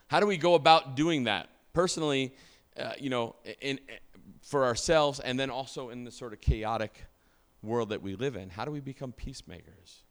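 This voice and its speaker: A man's voice: medium pitch, fairly bright tone. A middle-aged male pastor preaching a conversational sermon, casual and full of fillers and restarts, often asking the congregation questions.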